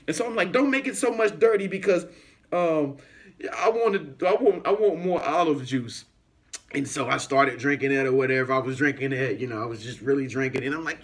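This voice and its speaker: A somewhat high-voiced man tells a rambling story straight to his viewers. He talks in a loose, casual way, full of fillers, and keeps jumping into other people's voices as he acts the story out. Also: a little fast. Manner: animated, acts out voices in anecdotes, frequent fillers. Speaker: YouTuber.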